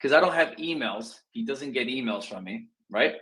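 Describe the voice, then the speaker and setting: A man coaching real estate students in a casual talk, acting out phone calls in quick asides. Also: mid-range voice, lively intonation, pushed and bright, poor audio.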